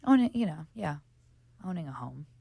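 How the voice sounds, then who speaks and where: A woman's voice: sits low, big pitch swings, moderate pace, gravelly, mellow, breathy edge, no room sound. Laughing, jokey woman in her twenties. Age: 20s. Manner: jokey, laughing, acts out other people's lines. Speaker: guest actress. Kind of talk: casual chat.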